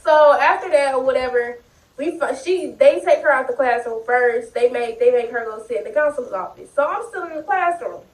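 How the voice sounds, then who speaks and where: High-voiced young woman telling a story. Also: a little fast, distant mic. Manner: animated, profane, slangy storytelling. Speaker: vlogger. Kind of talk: casual storytime. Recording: echoey room, a little off-mic.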